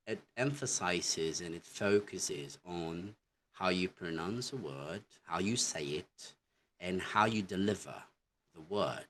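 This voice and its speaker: A man with a very low voice teaches an English lesson, moving through his slides at an unhurried pace. He keeps pausing to restart his points with "okay, so". A faint hiss sits under the recording. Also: fairly bright tone. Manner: slow, halting explanations with many "okay, so".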